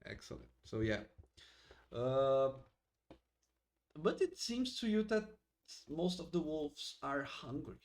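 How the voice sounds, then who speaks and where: A man running a tabletop game as game master, narrating in a halting way with frequent restarts. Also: a little high, very animated.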